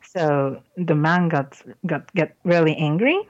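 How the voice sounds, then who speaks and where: A podcast host tells a joke in chatty style, pausing to explain words and laughing often. Her voice is low for a woman. The recording is dry and dull, with a lo-fi sound. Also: no room sound. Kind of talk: casual chat, telling a joke.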